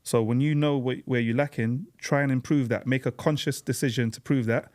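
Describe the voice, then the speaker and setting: A man's voice: mid-range voice, fairly even intonation, a little fast, a little mellow. Easygoing man in podcast chat. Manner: teasing, then earnest when giving advice. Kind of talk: casual chat.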